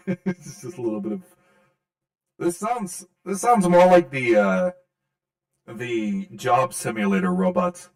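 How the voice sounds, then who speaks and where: A man's voice: a little high, very animated, slow, gravelly, pauses often, darkish tone, dry recording. A man streaming a video game, joking around and muttering to himself as he plays. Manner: laid-back, joking, mutters to himself while playing. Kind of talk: casual live game commentary.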